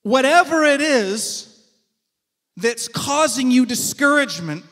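A male preacher giving a sermon, telling stories in an animated way and asking rhetorical questions. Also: extremely high pitch, takes it slowly, big-room sound.

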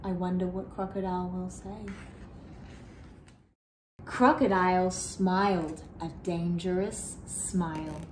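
A woman reading a picture book aloud to children, animated and asking the listener questions. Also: fairly low pitch, slow pace, pauses often, reverberant, a little hiss or hum. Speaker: children's storyteller.

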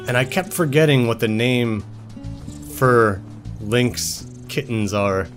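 Let's play host: young man, mid pitch, joking and profane commentary over faint game music. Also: slow pace. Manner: playful, joking, swears casually. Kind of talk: casual gameplay commentary.

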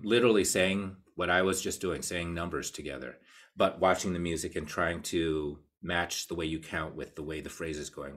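A man with an American accent giving a casual live online cello lesson, explaining ideas and counting beats out loud. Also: deep voice. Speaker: cello teacher. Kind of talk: live online masterclass talk.

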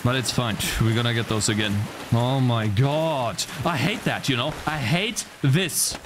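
While streaming a video game, a man at medium pitch and normal speed chats casually with his viewers, swearing freely when frustration hits, which it easily does. The background is noisy, with game music playing.

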